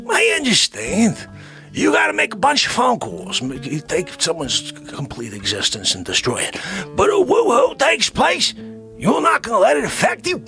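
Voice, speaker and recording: A man hosting a comedy monologue, jumping between shouting and whispering. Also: extremely high pitch, huge pitch swings, unhurried, vocal fry, soft background music. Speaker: comedian host.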